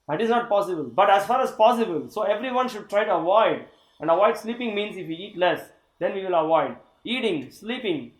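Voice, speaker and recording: Guy with a high voice leading a scripture class, reads a line then explains it, echoey room. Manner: reads aloud and comments, with laughs. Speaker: course teacher.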